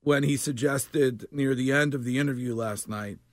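A man hosting a live-stream talk show, recapping the news in a wry, halting way. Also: medium pitch, dry recording, clean studio sound. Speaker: host.

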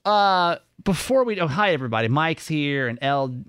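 A man hosts a casual podcast, his voice swinging up and down with animated energy as he jokes and laughs. His voice is a touch higher than most men's. The sound is dry and close. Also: normal speed, clear, resonant tone, dry recording. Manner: animated, joking, laughs often. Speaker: podcast co-host.

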